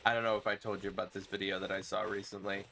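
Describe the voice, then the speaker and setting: A man's voice: low-pitched, flat delivery, rapid-fire, gravelly, pushed and bright, a little hiss or hum. A man streaming a survival game, chatting casually and telling jokey stories. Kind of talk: casual gameplay chat.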